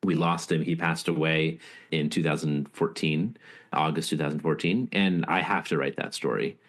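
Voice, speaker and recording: Male author guest, very low voice, earnest, reflective storytelling. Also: steady tone, moderate pace. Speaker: author and leadership speaker, guest. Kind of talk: casual interview storytelling.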